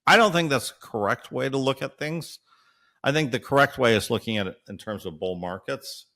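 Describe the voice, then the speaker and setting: This guest analyst has a mid-range, gravelly voice that sounds bright and forceful, and he talks a little fast. Interviewed at length, he thinks out loud, peppering his explanation with hesitations, fillers, and "right?" checks.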